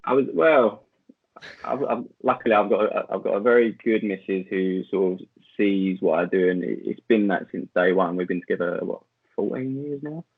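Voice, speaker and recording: A man joining a podcast as a guest, chatting in a relaxed, easygoing way. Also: fairly low pitch, normal speed, breathy edge, no echo, phone-quality sound. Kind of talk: casual chat.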